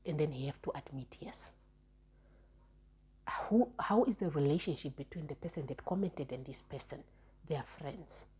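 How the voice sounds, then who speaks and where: A woman's voice: sits low, normal speed, warm tone, slight background noise. A young woman telling a personal relationship story in a chatty, frank way, often restarting and repeating words. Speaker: storytime vlogger. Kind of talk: casual storytelling monologue.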